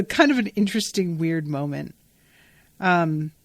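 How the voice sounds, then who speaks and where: Woman podcast host, casual book recap; animated, exasperated, profane; dry, close mic. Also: medium pitch, slow pace, pauses often, dry recording. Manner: animated, exasperated, swears freely.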